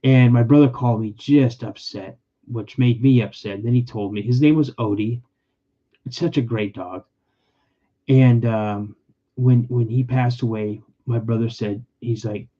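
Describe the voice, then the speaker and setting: A podcast host from California, with an unhurried, medium-pitched voice, runs a casual livestream, rambling emotionally and repeating himself as he shares personal stories. The highs in the audio are cut off.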